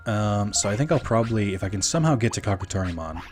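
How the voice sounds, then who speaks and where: With game music in the background, this young man chats to his stream in a lowish, fast voice. He's laid-back and meandering, packing his talk with fillers.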